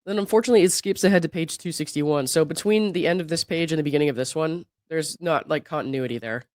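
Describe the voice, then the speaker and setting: Worn down by illness, this legal commentary host reads a deposition transcript aloud and adds his own commentary, quoting both sides evenly before cutting in with doubtful remarks and laughter. He talks fast in a mid-range voice with a darkish tone. The sound is dry and close, with no room around it.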